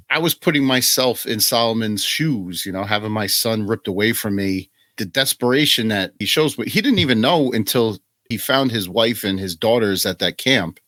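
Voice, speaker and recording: A man co-hosts a casual film podcast, earnestly retelling a story with feeling. His voice is fairly low. The recording is dry and close, with no room echo. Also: fairly bright tone. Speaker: guest co-host. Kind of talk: casual film review chat.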